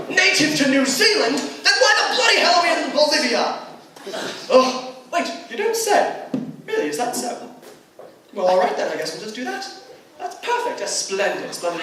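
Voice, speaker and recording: A teenage emcee playing a pompous, bumbling explorer in a stage comedy skit, blustering and exasperated. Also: male voice, extremely high pitch. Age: teens. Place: school auditorium stage. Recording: echoey auditorium from far off, noisy.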